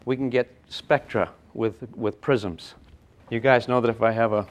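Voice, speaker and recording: An older man teaching a physics class, lively and playful, with sound effects and acted asides. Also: mid-range voice, a little slow. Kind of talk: classroom lecture at a whiteboard.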